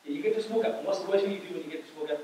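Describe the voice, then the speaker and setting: A man giving a lively talk at a camp, telling stories and quizzing the audience, laughing often. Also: sits high, racing. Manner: storytelling, asks the audience questions, laughs often. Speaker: camp speaker. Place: large echoey hall. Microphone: distant microphone. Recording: echoey hall from far off, noisy.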